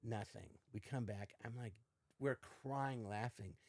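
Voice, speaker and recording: An older man with a mid-range voice, recorded dry and close, speaks in a casual storytelling way. He swings into put-on voices when quoting people and keeps the tale lively. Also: mid-range voice, measured pace, dry recording. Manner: animated, acts out quotes in varied voices. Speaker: podcast guest.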